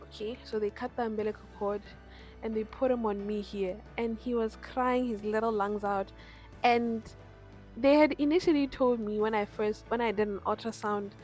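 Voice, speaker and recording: A young woman telling her birth story in a vlog, animated and acting out the people she quotes. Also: on the high side. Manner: animated retelling with quoted voices. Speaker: vlogger.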